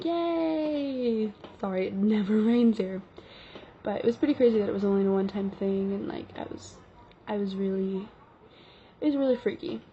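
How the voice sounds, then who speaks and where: A woman's voice: medium pitch, a little hiss or hum. A woman telling a casual story-time vlog tale, chatty and full of fillers. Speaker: vlogger. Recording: dull lo-fi recording.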